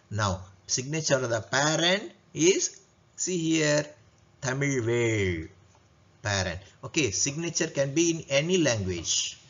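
A man teaching a lesson, slowly repeating questions and answering them himself. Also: mid-range voice, fairly bright tone. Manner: slow, repetitive, asks and answers his own questions. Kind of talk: classroom lesson walkthrough. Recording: dull lo-fi recording.

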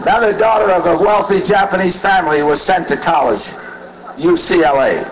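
A comedian at a roast, telling dirty jokes briskly and acting out each character's voice. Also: male voice, high-pitched, slight background noise, rough recording.

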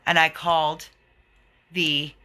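A man's voice: fairly high pitch, flat delivery, takes it slowly, bright, forceful tone, smooth. A man who runs an animal rescue, giving an indignant, earnest video update to his followers.

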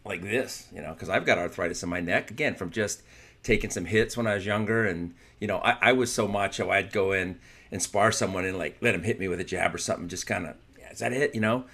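A middle-aged man with a fairly low voice who talks plainly and mocks himself with ease. His chat is loose and informal, and he swears casually as he goes. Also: quick pace, pushed and bright. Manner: candid, self-mocking, swears casually. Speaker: martial arts instructor on a discussion panel.

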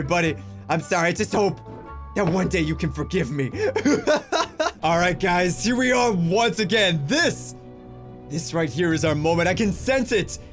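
Young male gaming YouTuber, high pitch, exasperated running commentary. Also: fairly bright tone. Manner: frustrated, exclaiming, rambling self-talk. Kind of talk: let's play commentary.

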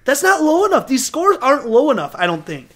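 Man, high pitch, animated, jokey, casual podcast chat. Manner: animated, jokey, quick to laugh. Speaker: podcast co-host. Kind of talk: casual movie review chat.

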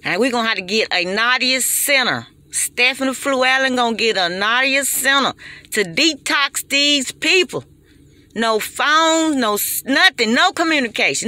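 Emphatic high-voiced woman in her forties. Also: animated, a little slow, pushed and bright, no room sound. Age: 40s. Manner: preachy, emphatic and repetitive. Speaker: vlogger. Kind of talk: impassioned personal monologue.

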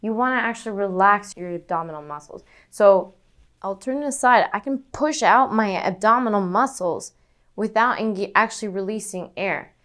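A woman's voice: mid-range voice, moderate pace, fairly bright tone. A woman teaching singing, demonstrating breathing exercises as she explains them. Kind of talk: vocal lesson demonstration.

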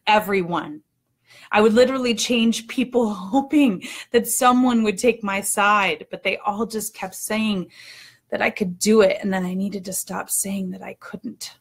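A woman in her thirties telling a personal story in a candid, expressive way, acting out her own outbursts. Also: medium pitch.

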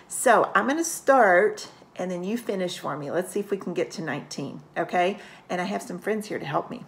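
A woman kindergarten teacher giving a recorded online lesson, gentle and encouraging toward young children. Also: fairly low pitch, animated, fairly quick, vocal fry, few pauses, slight background noise.

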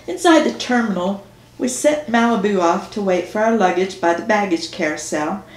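A woman author reading her own novel aloud in first person, slow and measured. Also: mid-range voice. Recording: echoey room.

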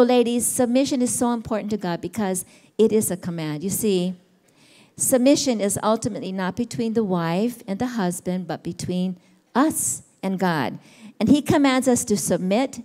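A woman's voice: mid-range voice, normal speed. A middle-aged woman, teaching a church women's session in a conversational way and asking her listeners questions. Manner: warm, conversational, asks the audience questions.

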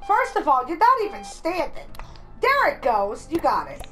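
A woman's voice: high-pitched, huge pitch swings, moderate pace. A young woman coaching a friend through a game, giving bossy instructions and laughing often. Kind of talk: casual let's-play chat. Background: game music.

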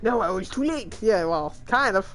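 A woman streaming a role-playing game and commenting on it, excitable and quick to laugh and exclaim. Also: medium pitch. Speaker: let's play streamer. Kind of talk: gaming commentary.

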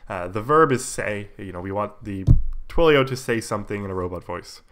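A man with a cold, casually walking viewers through code on a live stream, relaxed and full of fillers, with keyboard typing behind him. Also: lowish voice, fairly quick, noisy background. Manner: relaxed, explains while typing, many fillers. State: has a cold, coughing. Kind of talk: casual live coding tutorial.

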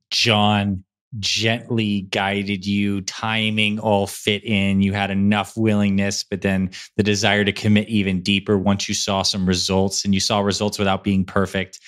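A man hosting a podcast interview over a video call, asking questions in a calm, encouraging way. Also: lowish voice. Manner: calm, encouraging, frequent backchannel. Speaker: podcast host.

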